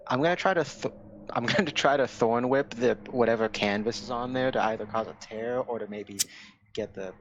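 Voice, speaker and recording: A man playing a tabletop game casually, thinking aloud with hesitant pauses. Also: mid-range voice, lo-fi sound, slight background noise. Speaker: player.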